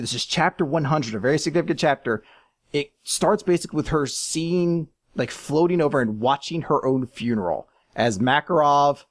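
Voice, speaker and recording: Animated podcast co-host, lively pitch. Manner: animated, sarcastic, bursts into shouted impressions. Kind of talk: casual chat, ranking list.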